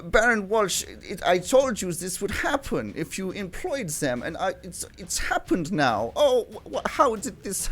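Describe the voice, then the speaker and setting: A man putting on a flustered squeaky koala schemer. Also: very animated, measured pace, hardly any pauses, a bit bright, heavily acted. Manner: high, flustered and stammering. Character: fussy scheming male koala con man.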